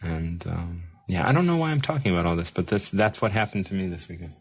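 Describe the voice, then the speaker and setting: A lower-voiced man hosts a casual show, spinning a rambling story. He mocks himself, laughs often and restarts his sentences as he gets animated. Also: fast talker, slightly rough. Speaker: show host.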